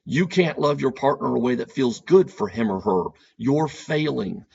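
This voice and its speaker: A man's voice: medium pitch, big pitch swings, a little fast, creaky, darkish tone, highs cut off. A man speaking as a couples therapist on an educational podcast, earnest and repeating key points for emphasis.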